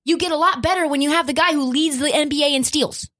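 A woman's voice: high voice, quick pace, a bit bright. A woman hosting a sports podcast, ranting with profanity and rhetorical questions. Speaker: podcast host. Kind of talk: opinionated sports talk.

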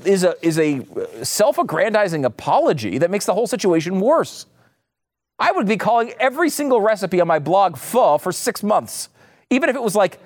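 A man doing ranting commentary, reading quotes aloud and mocking them with sarcastic, incredulous outbursts. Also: sits high. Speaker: commentary host.

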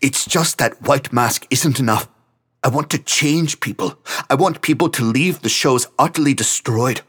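A man's voice: on the low side, slow pace, breathy edge. A man voicing a volatile, tearful young male band frontman who speaks in a raised, agitated, intense way.

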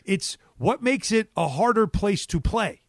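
A man's voice: high voice, lively intonation, measured pace, dry recording, clean studio sound. A man hosting a sports radio show, talking casually and animatedly as he takes calls.

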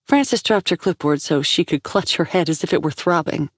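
A woman's voice: deep voice, lively intonation, brisk, hardly any pauses, no echo. A woman narrating a fiction series in a scripted style, close to the mic. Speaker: audiobook narrator.

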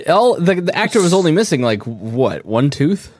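Man co-host, husky, very lively swooping pitch, teasing and dry-humored. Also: normal speed, no room sound. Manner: wry, teasing questions, laughs often. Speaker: podcast co-host. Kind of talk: casual chat.

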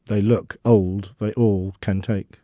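Mellow man with dry humour. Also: fairly low pitch, dry recording. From London. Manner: relaxed, dry humour, adds quick asides. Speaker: tour guide guest. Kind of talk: conversational radio interview.

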